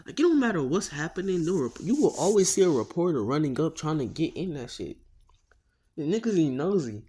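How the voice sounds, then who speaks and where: A man's voice: on the high side, very animated, brisk, warm tone, breathy edge. A man casually narrating a fan-made story, rambling with slang, swearing and asides.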